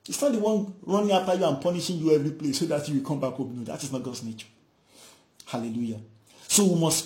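A man's voice: a little high, darkish tone, echoey room. A man preaching a fervent sermon, repeating phrases and acting out the voices in scripture stories. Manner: fervent, repetitive, acts out dialogue.

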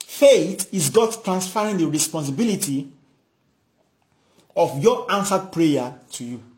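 A man's voice: a little high, expressive, unhurried, a little mellow, echoey room. A man preaching a fervent sermon, repeating phrases and acting out the voices in scripture stories. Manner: fervent, repetitive, acts out dialogue.

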